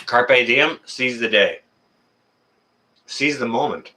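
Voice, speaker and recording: Lively, bright-voiced man chatting. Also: medium pitch, slow. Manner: chatty, talks to viewers and reads chat aloud. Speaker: live stream host. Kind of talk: casual live-stream chat. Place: apartment.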